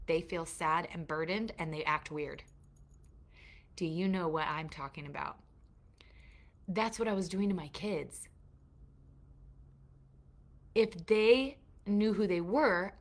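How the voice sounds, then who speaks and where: Earnest woman teaching mothers with faith. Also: medium pitch. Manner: earnest and confessional, checks in with her listeners. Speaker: course teacher and mentor to mothers. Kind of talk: heartfelt faith-based teaching to a live online group.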